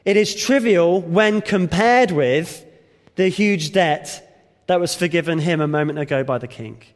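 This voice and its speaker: Male preacher, high-pitched voice, expository sermon with rhetorical questions, hall reverb. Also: unhurried.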